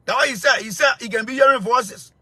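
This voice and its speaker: A man with a Liberian English accent hosting his own show, giving heated, confrontational political commentary full of repetition and bursts of shouting. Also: extremely high pitch, quick pace, husky, no echo. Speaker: show host.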